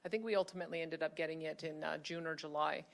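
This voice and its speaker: A woman politician answering questions at a press conference in a measured, defensive way. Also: deep voice, steady tone, creaky. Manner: measured, defensive, a few restarts.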